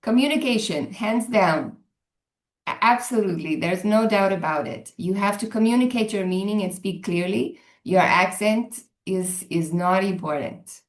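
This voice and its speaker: A woman's voice: medium pitch, moderate pace. A woman from Northern Ireland with a Northern Irish accent, an English teacher answering interview questions earnestly and thoughtfully. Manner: thoughtful, earnest, restarts words. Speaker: English language teacher, guest. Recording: echoey room.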